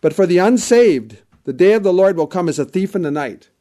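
A man's voice: high voice, animated, brisk, dark tone. A man preaching a sermon with an emphatic, repetitive cadence, quoting scripture at length.

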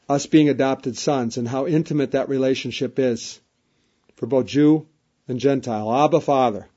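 A man's voice: medium pitch, darkish tone. A man preaching a sermon, reading King James scripture aloud and repeating key phrases for emphasis. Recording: dull lo-fi recording.

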